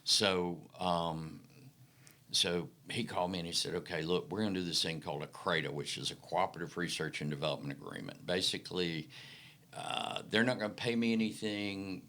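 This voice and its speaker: Man, middle-aged, deep voice with a bright edge, folksy anecdotes for an interview guest spot. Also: moderate pace. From Mississippi Delta, American South. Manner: folksy, animated anecdotes with acted-out quotes. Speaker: podcast guest. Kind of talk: casual storytelling interview.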